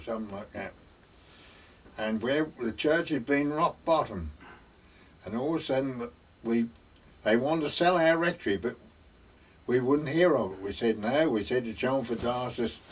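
A man's voice: medium pitch, recorded from a distance. An older man telling rambling village anecdotes, chuckling and quoting each speaker with "he said". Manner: rambling, chuckling, quotes everyone with "he said". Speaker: village storyteller. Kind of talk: oral history anecdotes.

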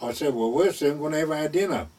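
A man's voice: fairly high pitch, lively intonation, quick pace, recorded from a distance, background noise. An older man casually reminiscing in a rambling retelling, repeating "I said" and "he said.". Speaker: storyteller.

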